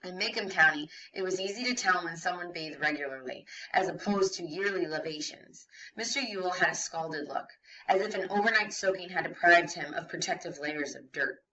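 Brief: woman teacher reading aloud, lowish bright voice, steady narration, dull distant recording. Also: fairly quick, few pauses. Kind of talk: reading a novel aloud to a class.

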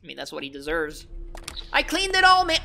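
Joking young man, lively commentary. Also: a little high, fairly quick, vocal fry, a little hiss or hum. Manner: joking, loud reactions, shouts at scares. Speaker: gaming commentator. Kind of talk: horror game commentary.

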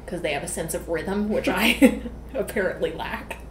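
A woman's voice: lowish voice, moderate pace. A young adult woman co-hosting a podcast in casual banter, loose and profane and laughing often, talking over a video call from a room at home. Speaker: podcast co-host. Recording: echoey room, noisy background.

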